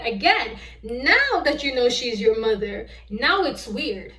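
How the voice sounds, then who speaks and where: A woman's voice: fairly high pitch, big pitch swings, takes it slowly, pushed and bright. A woman vlogger recapping a film in a casual review, telling it with exasperated disbelief. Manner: exasperated, incredulous storytelling. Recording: echoey room, distant mic.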